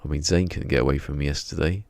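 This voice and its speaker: A man's voice: a bass voice, fairly even intonation, fast talker, a little mellow, dry recording, studio quality. A man, chatting casually on a game live stream and muttering to himself as he tinkers. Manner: rambling, mutters to himself while he works. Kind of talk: casual live-stream chat while playing.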